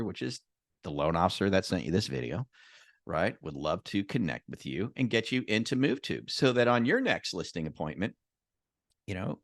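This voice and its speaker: A man who works as a loan officer, telling a story in a casual, animated way and acting out what people said. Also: lowish voice, dry recording, clean studio sound. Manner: animated storyteller, acts out quotes.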